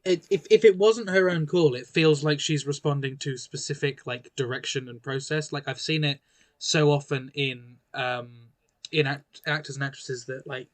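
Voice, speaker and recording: A man's voice: a little high, steady tone, normal speed. A man as a podcast guest in casual chat, thoughtful and hesitant, often restarting.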